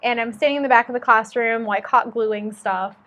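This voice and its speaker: A woman's voice: on the high side, brisk. A woman who teaches young children, chatting casually and telling stories animatedly, acting out the voices. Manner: animated storyteller, acts out voices, laughs often. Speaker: co-host and book reader. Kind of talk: casual chat with read-aloud passages.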